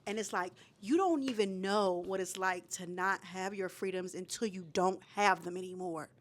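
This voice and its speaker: A woman's voice: medium pitch, normal speed. A woman co-hosting a podcast in heated casual chat, passionate and profane, lecturing listeners. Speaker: podcast co-host.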